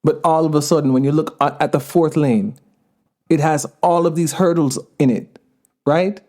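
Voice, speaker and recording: A man's voice: fairly high pitch, normal speed, darkish tone. A man in his thirties with a Jamaican-tinged accent, a podcast guest making his point earnestly with digressions and laughs. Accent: Jamaican patois touches. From United States. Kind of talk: conversational interview.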